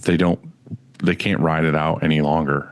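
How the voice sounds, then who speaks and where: A man with a very low voice hosting a casual podcast, blunt and loose in his talk. The sound is dry and close, with no room echo. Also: level tone, normal speed. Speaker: podcast host.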